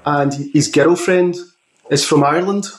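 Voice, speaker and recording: A man hosting a rock talk show, asking questions and telling stories in a relaxed, jokey way. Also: fairly high pitch, a little slow. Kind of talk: casual interview questions. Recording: roomy echo.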